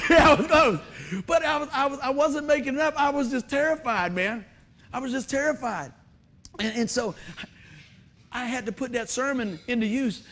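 Preacher guy, high voice, animated, laughing through a funny story in his sermon. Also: normal speed. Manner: animated, often laughing while telling the story. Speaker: preacher and musician. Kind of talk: sermon with a humorous personal story.

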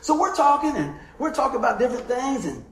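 High-voiced man preaching in an echoey room. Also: quick pace, a little hiss or hum. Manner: lively storytelling, calls for amens. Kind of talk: sermon. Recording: roomy echo.

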